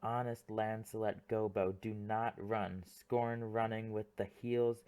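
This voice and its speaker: A man's voice: fairly low pitch, level tone, slow, darkish tone, clear, resonant tone. A man voicing a comic young clown servant, rambling through a monologue in an audiobook play reading.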